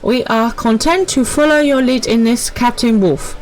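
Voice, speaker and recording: A woman's voice: fairly high pitch, normal speed, voice pushed up, natural voice, poor audio. A woman doing a lofty, formal scholar mage. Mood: earnest. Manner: formal, old-fashioned reading. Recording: faint game music behind.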